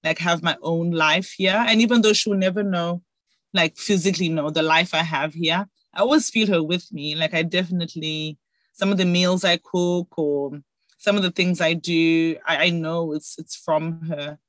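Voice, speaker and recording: A young woman, speaking softly and reflectively in a heartfelt chat. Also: on the low side, fairly even intonation, normal speed, no room sound. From Zimbabwe. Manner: reflective, soft-spoken.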